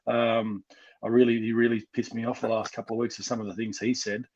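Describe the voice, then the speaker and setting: An Australian man talks on a casual fan podcast, his husky voice full of passion as he gets worked up. The recording sounds dull and lo-fi. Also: mid-range voice, little pitch movement, quick pace, a little mellow. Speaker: podcast co-host, fan guest.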